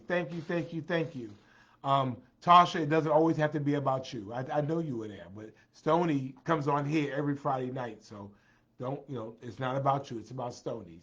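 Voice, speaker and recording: A man's voice: a little high, fairly bright tone, highs cut off. A tired man hosts a casual livestream, greeting viewers by name and repeating his phrases. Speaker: livestream host.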